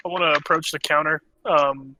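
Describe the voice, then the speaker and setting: A man's voice: fairly high pitch, fairly even intonation, normal speed, background noise. A man playing a tabletop game, casual and playful, slipping into a bluffing official's voice. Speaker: player. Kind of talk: casual tabletop role-play.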